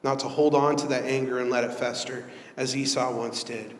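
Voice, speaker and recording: A man's voice: mid-range voice, steady tone, normal speed, a little hiss or hum. A man preaching a sermon as pastor, in an earnest, conversational style that builds in emphasis. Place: church sanctuary. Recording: echoey church hall.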